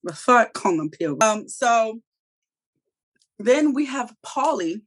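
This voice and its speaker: Higher-voiced woman, animated and cussing, recapping a tv episode and doing all the character lines. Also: slow. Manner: animated, profane, acts out quoted characters. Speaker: TV review podcast co-host. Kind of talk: casual recap chat.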